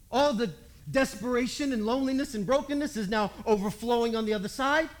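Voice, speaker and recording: A preacher retelling a story in a lively, conversational way, with humor and sudden jumps in loudness. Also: high-pitched. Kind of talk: storytelling sermon.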